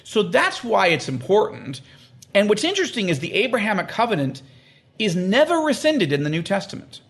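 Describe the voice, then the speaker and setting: A man explaining the Bible in an interview, emphatic and animated, acting out quoted voices and repeating phrases for stress. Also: high voice, a little fast, gravelly. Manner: animated, acts out quoted prayers and God's words. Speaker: guest explaining scripture. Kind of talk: conversational interview.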